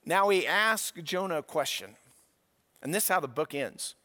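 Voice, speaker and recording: Emphatic high-voiced male preacher. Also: lively intonation, normal speed, big-room sound. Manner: emphatic, swings between quiet asides and raised points. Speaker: pastor. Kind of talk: sermon.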